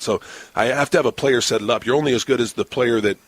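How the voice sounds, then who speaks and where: A man in his forties, a baseball broadcaster, telling lively stories in a casual podcast interview and laughing often. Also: medium pitch, fast talker, dry recording. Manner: animated storyteller, laughs often, acts out quotes.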